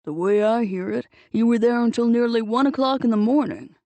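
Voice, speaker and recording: A woman voicing a combative older man with a loud, bossy manner in an audiobook. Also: extremely high pitch, brisk, no echo. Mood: angry. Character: gruff older man, bushy-browed and combative.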